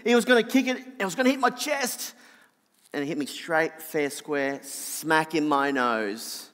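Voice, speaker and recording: A middle-aged Australian man with a nasal voice, telling a personal story in an animated sermon. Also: a little slow, in a large hall. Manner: animated anecdotal, drops soft and low for reflection. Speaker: preacher.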